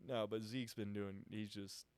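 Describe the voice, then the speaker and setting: A young man in a casual podcast chat, an animated storyteller who laughs often and swears freely. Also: fairly low pitch, a little slow. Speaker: podcast participant. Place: podcast studio.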